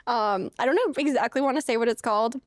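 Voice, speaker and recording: A woman's voice: on the high side, fast, dry recording, studio quality. A young woman streaming a game, chatting casually with rambling asides and frequent laughter. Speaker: streamer playing a farming game. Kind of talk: casual let's-play chat.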